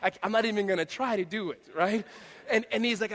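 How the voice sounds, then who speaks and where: A man preaching a sermon as a pastor to a church congregation, talking in a conversational, animated way with frequent restarts. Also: high voice, fast talker. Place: church auditorium. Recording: long hall reverb.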